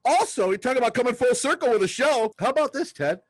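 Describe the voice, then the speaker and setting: A man in his fifties from southern California, co-hosting a casual sports podcast and telling stories with excitement. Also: very high voice, fast, dry recording. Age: 50s. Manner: excitable storyteller, acts out quotes loudly. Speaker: podcast co-host.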